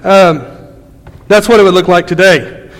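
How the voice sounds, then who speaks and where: High-voiced pastor in a reverberant church. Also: male voice, fairly even intonation, measured pace. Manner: conversational, many fillers and restarts. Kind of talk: storytelling sermon.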